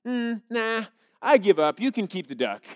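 A man's voice: high voice, big pitch swings, moderate pace. A man voicing a plainspoken old farmer from Texas in a laid-back, drawling way while telling a joke in a sermon. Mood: dry.

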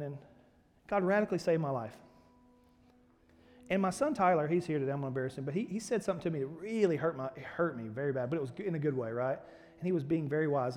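A male pastor preaching a sermon, telling personal stories and building to loud, emphatic preaching. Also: fairly high pitch. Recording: hall reverb with soft music behind.

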